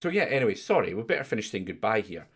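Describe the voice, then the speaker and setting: A man's voice: fairly low pitch, very animated, rapid-fire, husky. A middle-aged man hosting a quiz stream in casual chat, rambling and joking as he goes. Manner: rambling, self-interrupting, joking. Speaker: quiz host.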